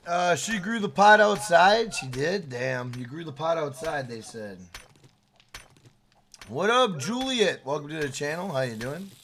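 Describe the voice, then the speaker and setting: A brash male streamer with a bright, forceful voice that swings widely in pitch. He swears constantly, shouts hype lines and greets chat viewers by name. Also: expressive, a little slow, a little hiss or hum. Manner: loud, profane, shouts hype catchphrases; reads out chat names and thanks members. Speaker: streamer playing with his wife. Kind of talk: casual livestream gaming chat.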